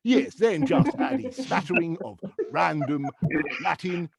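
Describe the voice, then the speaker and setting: A man performing stand-up over a video call, jumping from one put-on voice to the next. His voice sits high and swoops widely as he goes. Other people's laughter keeps breaking in behind him. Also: expressive, vocal fry, over a noisy crowd. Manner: rapid switches into put-on voices, laughing at own jokes. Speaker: comedian and voiceover artist. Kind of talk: stand-up comedy with impressions.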